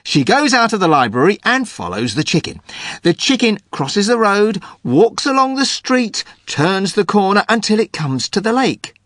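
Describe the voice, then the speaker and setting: A man's voice: sits high, very animated, moderate pace, a bit bright, no echo, clean studio sound. Hesitant man telling a silly joke. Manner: hesitant start, chuckles at own joke. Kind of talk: scripted comic storytelling.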